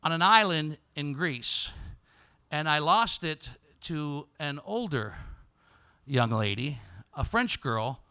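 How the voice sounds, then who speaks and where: A man hosting a comedy show, telling a self-mocking story on stage and breaking into loud, excited impressions of his younger self. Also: fairly high pitch, slow, smooth. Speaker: comedian host. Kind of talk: stand-up storytelling monologue. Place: on stage before a live audience.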